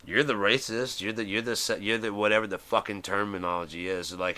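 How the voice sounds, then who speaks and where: A man's voice: fairly low pitch, fairly even intonation, brisk, few pauses, bright, forceful tone. A man, middle-aged, hosting a live stream and ranting in a heated, profane way, acting out the voices he quotes. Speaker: host.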